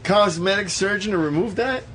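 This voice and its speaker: A man's voice: high-pitched, moderate pace, fairly bright tone. A man casually discussing a movie with his co-host, blunt and profane. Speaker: podcast co-host. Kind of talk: casual movie review chat.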